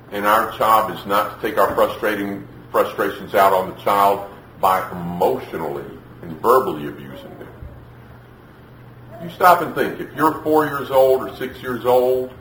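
Animated, bright-voiced male preacher. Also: fairly low pitch, roomy sound, a little hiss or hum, low-quality recording. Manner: emphatic, acts out parents and children in quick put-on voices. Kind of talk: sermon.

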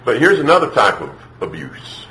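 Animated, bright-voiced male preacher. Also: mid-range voice, reverberant, a little hiss or hum, poor audio. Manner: emphatic, acts out parents and children in quick put-on voices. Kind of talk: sermon.

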